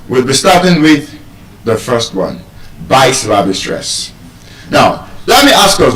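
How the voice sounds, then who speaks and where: A man from Nigeria gives a slow, deliberate lesson on word stress, repeating his key points and putting questions to his listeners. He sounds set back from the microphone, and a roomy echo hangs on every phrase. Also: mid-range voice, fairly bright tone. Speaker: public speaking instructor. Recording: roomy echo, speaker far from the mic.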